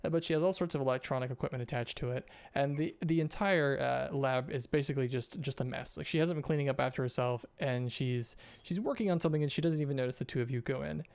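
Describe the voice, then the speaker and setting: A man's voice: mid-range voice, fast, creaky, few pauses, darkish tone, smooth. A man narrating as game master in a casual, rambling way with many fillers.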